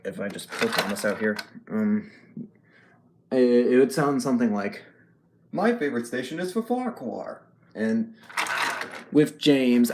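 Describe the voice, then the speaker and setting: A man with a fairly low voice chats casually on a live stream, halting and restarting often, full of ums. He is recorded in an echoey room with a faint hiss behind him. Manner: chatty, reads and answers chat messages.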